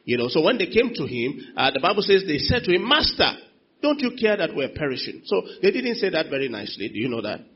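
A man preaches a sermon in a high, husky voice. He keeps calling out to the congregation for answers and moves between soft asides and loud bursts. The sound is dull and lo-fi. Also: very animated, quick pace. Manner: calls out to the congregation for responses, shifts from quiet to loud. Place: church.

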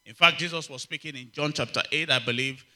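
A man preaching a sermon, emphatic and repetitive, calling out to the congregation and swinging from loud exclamations to quiet asides. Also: on the high side, fast talker. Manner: emphatic, repeats key phrases, asks the congregation for response. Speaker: pastor.

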